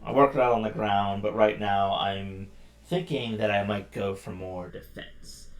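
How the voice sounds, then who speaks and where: A man's voice: on the low side, steady tone, a little slow. A man giving casual let's-play commentary, thinking aloud and grumbling wryly at the game. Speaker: gameplay commentator.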